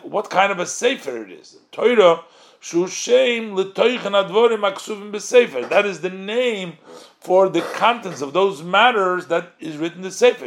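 A man teaching a religious text study lesson, reading short Hebrew phrases and translating them line by line, asking and answering his own questions. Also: sits high. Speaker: Torah teacher.

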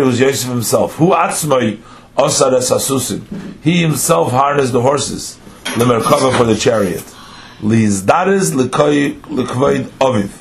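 A man, teaching a text study lesson: he reads phrases aloud, then explains them line by line with patient questions. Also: mid-range voice.

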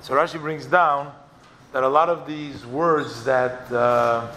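A man's voice: mid-range voice, steady tone, slow, pushed and bright, a little hiss or hum. A man teaching a Torah class, explaining texts step by step, quoting each line and then translating it.

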